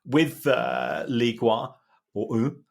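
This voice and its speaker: A man co-hosting a podcast, explaining football finances in a measured way with frequent restarts. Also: medium pitch, very animated, vocal fry. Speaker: football finance expert co-host. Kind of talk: casual podcast chat.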